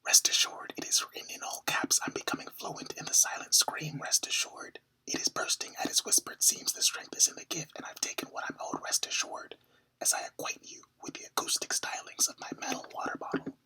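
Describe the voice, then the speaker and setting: A young woman performing whispered spoken word in a hushed, deliberate way. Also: low-quality recording.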